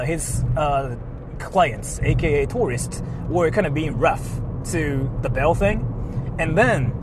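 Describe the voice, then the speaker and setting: A man telling a story in a casual vlog, animated and full of filler words. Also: fairly high pitch, noisy background. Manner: animated, heavy use of filler "like", laughs often. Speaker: vlogger. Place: inside a car.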